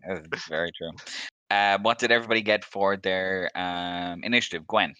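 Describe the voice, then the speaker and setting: A man running a tabletop game as game master, relaxed, laughing often and filling pauses with um. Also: deep voice, clear, resonant tone, no room sound, muffled recording.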